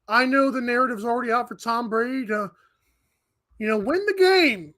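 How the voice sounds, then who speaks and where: A woman's voice: fairly high pitch, a bit bright. A woman co-hosting a sports radio show, giving betting picks in breezy, joking casual chat. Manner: breezy, jokey, quick asides. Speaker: co-host.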